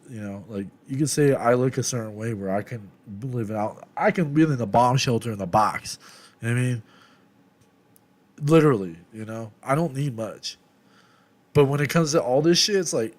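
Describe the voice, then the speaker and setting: A young man venting in a candid confessional vlog, rambling and swearing a lot, often dropping low and trailing off as he reflects. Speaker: vlogger.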